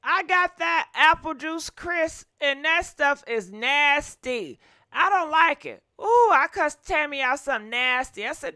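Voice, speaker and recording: A woman's voice: high voice, a little slow, pushed and bright, dry recording, studio quality. Folksy, chatty woman host. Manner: chatty, folksy, sighing and humming asides. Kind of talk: casual chat to viewers.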